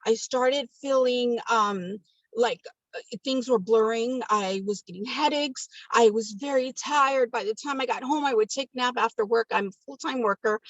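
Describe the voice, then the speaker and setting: Woman in her 50s from California, chatty and emotional testimonial, higher voice, muffled call audio. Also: no room sound. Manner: chatty and emotional, with many ums. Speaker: guest sharing a testimonial. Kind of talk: casual personal testimonial on a video call. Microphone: video call. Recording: dull video call audio.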